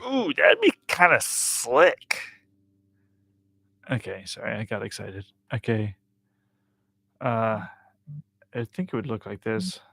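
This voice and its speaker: A man giving a casual live music lesson, chatty and self-amused, counting rhythms out loud as he works through a transcription. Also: lowish voice, sing-song, slow, gravelly, pauses often. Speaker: music teacher transcribing a piano piece for bass.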